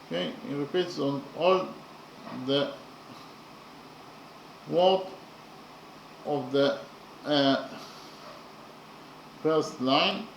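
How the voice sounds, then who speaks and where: A man teaching a lesson on a poem, speaking haltingly with frequent pauses and spelling out letters one at a time. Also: a little high, creaky. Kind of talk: slow spoken lesson. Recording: echoey room with faint background noise.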